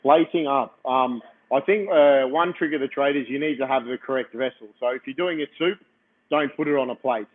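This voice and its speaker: A man, a chef, talking in a relaxed way and laughing easily. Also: mid-range voice, brisk, husky. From Greece. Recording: tinny phone-like line.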